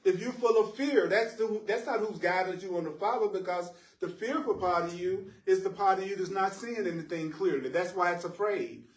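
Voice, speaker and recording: A man teaching a live spiritual class to listeners in the room, animated and playful, laughing at his own jokes and repeating phrases for emphasis. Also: sits high, normal speed, hardly any pauses. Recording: roomy echo, voice picked up from a distance.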